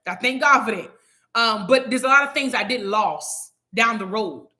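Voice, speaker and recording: A woman's voice: a little high, animated, normal speed, sharp tone. A woman in her thirties hosting a Bible study, telling her testimony in a casual, emphatic way full of rhetorical questions.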